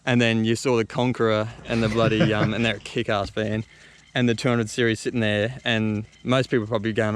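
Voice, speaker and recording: Fast-talking Australian man telling a story. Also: on the low side, little pitch movement. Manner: rambling, lots of fillers and slang. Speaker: travel vlogger. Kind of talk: casual storytelling.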